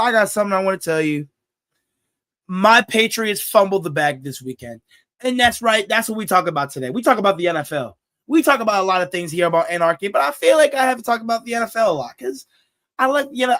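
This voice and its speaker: A young man with a high voice hosts a casual sports talk show. He rants loudly and excitably. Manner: loud, excitable ranting. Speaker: podcast host.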